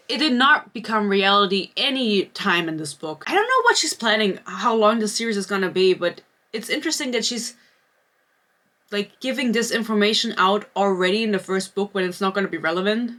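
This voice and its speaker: A woman's voice: medium pitch, animated, fairly quick, bright, forceful tone. A young woman reviewing a book in casual chat, sarcastic and swearing freely as she mocks it.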